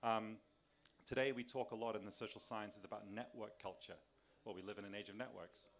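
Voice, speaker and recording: A man's voice: on the low side, steady tone, fairly quick, fairly bright tone. A man giving a public lecture to an audience in a large tent, talking in a conversational way with restarts and rhetorical questions, and moving around as he speaks. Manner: moves around while speaking. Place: large tent at a summer camp. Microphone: filmed by a camera.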